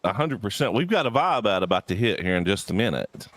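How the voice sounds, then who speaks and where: Lively brash man. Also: lowish voice, fast talker, dry recording. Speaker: election candidate character. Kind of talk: role-play interview.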